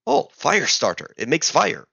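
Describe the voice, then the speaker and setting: A man's voice: a little high, wildly swooping pitch, measured pace, vocal fry, bright, forceful tone, husky, no room sound, lo-fi sound, voice pushed up, exaggerated voice. A man voicing a pushy male airport security guard who talks in curt, broken English phrases. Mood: suddenly friendly.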